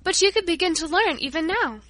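A woman's voice: very high voice, expressive, fairly quick, fairly bright tone, dry recording, voice pushed up. A woman doing a kind, eager young woman. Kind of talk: audiobook narration.

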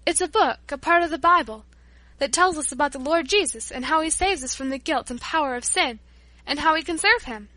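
A woman reading an audiobook, voicing a kind, gentle young woman who speaks with warm, eager questions. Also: high voice, expressive, a little fast, dry recording, voice pushed up. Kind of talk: audiobook narration.

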